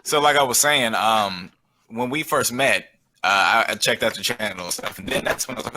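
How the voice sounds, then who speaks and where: A man with a low, bright voice tells a rambling story over voice chat. He swears freely and keeps restarting his sentences, circling back before he gets to the point. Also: moderate pace, a little hiss or hum, low-quality recording. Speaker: guest. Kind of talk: casual chat.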